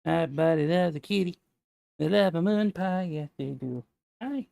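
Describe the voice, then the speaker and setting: A man's voice: fairly high pitch, moderate pace, creaky, dark tone. A man hosting a casual livestream, chatting with viewers and talking baby talk to his cat. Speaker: livestream host. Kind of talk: casual stream chat.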